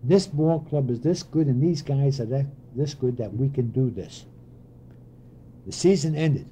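Older man, dark warm voice, storytelling ex-coach, light noise behind. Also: mid-range voice, measured pace. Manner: animated anecdotes with voiced quotes and laughs. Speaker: former pitching coach. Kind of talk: storytelling interview.

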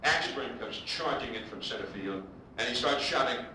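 A man tells baseball anecdotes to a live audience, and his pitch rises and falls a lot. He is picked up from a distance in a very echoey hall. A steady hiss and the audience's laughter sit behind him. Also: normal speed. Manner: animated anecdotes, acting out quotes. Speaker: baseball broadcaster. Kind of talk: storytelling speech to an audience.

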